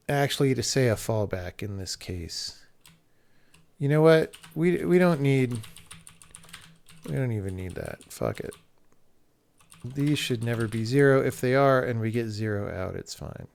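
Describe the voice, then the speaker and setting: A man's voice: medium pitch, sing-song, measured pace, creaky, pauses often, darkish tone. A man streaming himself programming, thinking aloud in a casual way and swearing freely as he works. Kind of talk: thinking aloud while coding.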